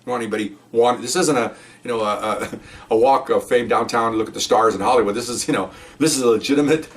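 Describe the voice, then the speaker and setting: A man's voice: mid-range voice, fast talker, recorded from a distance. A middle-aged man, a retired police officer, rambling through a story in casual talk and voicing the people in it. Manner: rambling, acts out quotes in a raised voice.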